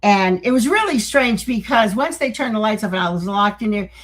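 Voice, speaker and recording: An older woman with a husky, breathy voice, talking as a guest in a casual interview. She rambles through her stories, restarting sentences and acting out what she said back then. Her pitch sits at an ordinary middle level. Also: expressive, brisk, a bit bright, rough recording. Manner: rambling, with many restarts and acted-out quotes.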